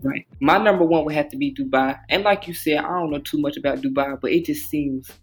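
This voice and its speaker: A man co-hosting a podcast, chatting in a relaxed, easygoing way and cracking jokes. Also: a little high, fairly quick, soft background music. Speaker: podcast co-host. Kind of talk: casual chat.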